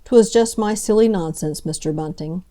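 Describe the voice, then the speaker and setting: A woman's voice: on the low side, normal speed, warm tone, natural voice. A woman voicing a friendly young male policeman who talks in a colloquial, apologetic way. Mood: rueful.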